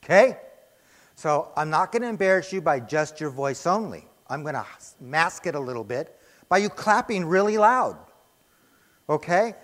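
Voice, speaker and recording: A high-voiced male preacher delivers an emphatic sermon, firing off rhetorical questions and answering them himself. His voice rings out with a long reverb tail through the church sanctuary. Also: very animated, normal speed, fairly bright tone.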